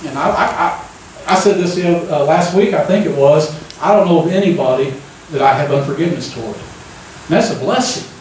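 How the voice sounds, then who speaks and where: Male preacher, slightly high voice, folksy sermon style, recorded from a distance in a very echoey sanctuary. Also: brisk, a little mellow, a little hiss or hum. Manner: folksy, keeps asking the crowd "amen?". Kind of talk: conversational sermon. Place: church sanctuary. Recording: echoey church room, mic at a distance.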